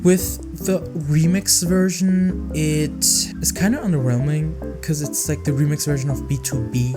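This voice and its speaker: Chatty young man reviewing songs. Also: unhurried. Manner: chatty, rambling, expressive swings in pitch. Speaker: music reviewer. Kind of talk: casual music review vlog. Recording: music playing behind the voice.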